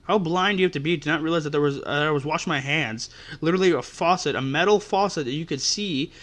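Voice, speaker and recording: A man with a fairly high, fairly bright voice talks fast as he hosts a podcast. Exasperated and swearing, he rants through stories about customer service.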